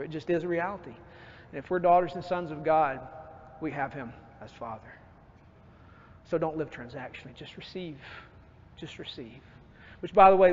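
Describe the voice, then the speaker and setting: A man preaching a sermon as pastor, lively and acting out his own outbursts. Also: a little high. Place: church sanctuary. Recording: dull church recording with long reverb.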